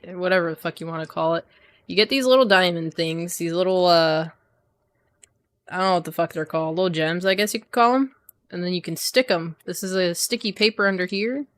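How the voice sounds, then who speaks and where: A young woman streamer chats casually with her viewers and swears while working on a craft, her voice on the low side and a bit bright with no room sound. She uses a desk microphone, so her voice drops whenever she turns away from it.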